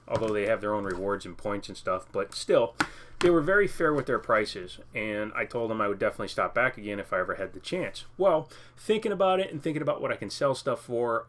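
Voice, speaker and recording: A man's voice: on the low side, fairly bright tone, a little hiss or hum. A man in a casual vlog, rambling and joking as he shows off games he bought. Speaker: game collector vlogger. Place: home living room.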